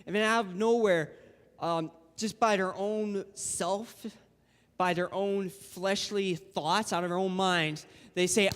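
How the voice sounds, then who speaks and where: A man's voice: high-pitched, fairly even intonation, slow pace, fairly bright tone, clear, resonant tone. Young man preaching in an echoing church. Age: young adult. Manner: casual and conversational, acting out quotes. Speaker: guest preacher. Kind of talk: informal sermon. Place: church sanctuary. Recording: long church hall reverb.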